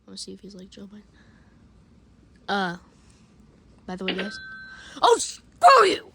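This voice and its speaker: A performer voicing a bratty, loud male shark puppet, playing a game and bossing it around with comic commentary. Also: medium pitch, completely flat delivery, normal speed, vocal fry, slight background noise. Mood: sly. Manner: shouty, bossy, jumps between mutters and yells. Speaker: game player and channel host. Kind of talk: comic let's-play commentary.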